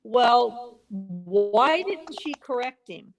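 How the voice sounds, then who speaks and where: A woman's voice: fairly high pitch, lively intonation, drawn-out words, over music. A woman guest on a podcast, telling a story conversationally, building her argument point by point and acting out bits of quoted dialogue. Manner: earnest, builds a case point by point; acts out quoted dialogue in brief snippets.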